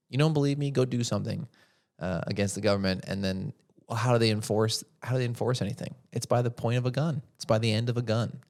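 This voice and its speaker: Lowish and darkish in tone, this man's voice carries an opinionated podcast monologue. As host, he asks rhetorical questions and then supplies his own answers.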